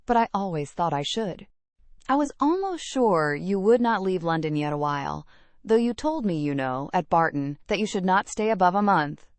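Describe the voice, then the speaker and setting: A woman's voice: fairly low pitch, expressive, moderate pace, no room sound, close to an everyday voice. A woman voicing a gushing, sly young lady. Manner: eager, insinuating chatter.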